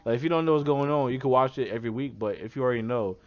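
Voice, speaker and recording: Slangy excited man, lo-fi podcast. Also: mid-range voice, racing, faint music behind. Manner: excited slangy recapping, acts out quotes. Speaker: podcast co-host. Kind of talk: casual chat.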